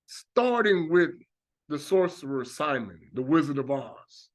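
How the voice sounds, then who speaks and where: A man's voice: fairly high pitch, measured pace. A man preaching a religious monologue, talking animatedly and acting out reactions with exclamations. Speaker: religious teacher.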